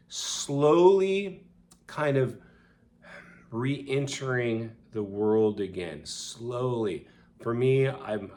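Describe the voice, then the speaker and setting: Guy vlogging about his own story, kinda low voice, earnest and chatty, lots of likes and ums. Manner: earnest, conversational, full of fillers. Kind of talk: personal storytelling to camera.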